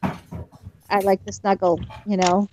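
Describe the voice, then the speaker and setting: A woman in casual chat on a video call, animated and quick to laugh. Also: medium pitch, noisy background.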